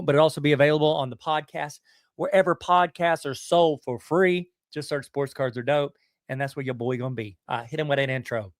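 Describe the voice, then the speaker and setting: Man, Southern US accent, middle-aged, podcast host, casual slangy chat, fillers and restarts, fairly high voice, dry close sound. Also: dry recording. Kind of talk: casual live-stream talk.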